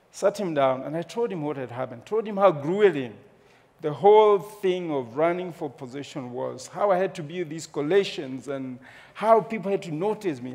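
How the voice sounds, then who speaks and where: A man with a Kenyan accent telling a humorous, animated personal story to an audience. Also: fairly high pitch. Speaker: speaker. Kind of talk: storytelling talk on stage. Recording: long hall reverb.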